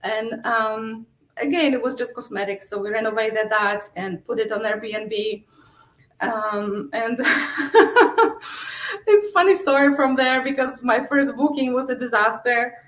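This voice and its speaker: Slow and a bit bright, her high-ish voice carries a Polish accent; she's a middle-aged real estate investor from Poland. As a guest in a relaxed interview recorded in an echoey room, she tells stories, voices her own quotes, and laughs frequently.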